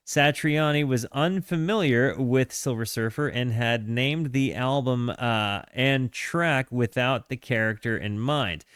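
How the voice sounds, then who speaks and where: A man hosting a music reaction stream, reading notes aloud and chatting with his viewers, halting and full of fillers. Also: mid-range voice, clear, resonant tone, no echo, studio quality. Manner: chatty, halting, with frequent fillers and self-corrections; hearty shout-outs to chat. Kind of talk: casual live-stream chat and reading aloud.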